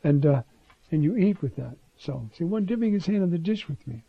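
Guy with a raspy gravelly voice giving a chatty bible teaching, bit higher pitched, dry dull recording. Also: lively intonation, fairly quick, no echo. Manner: informal, with asides and restarts. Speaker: preacher teaching scripture.

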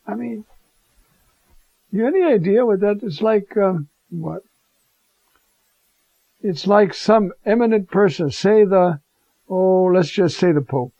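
A man delivers a conversational homily, animatedly acting out the Gospel scene in different voices. His voice is high, at a measured pace with long pauses, on a dry but dull, lo-fi recording.

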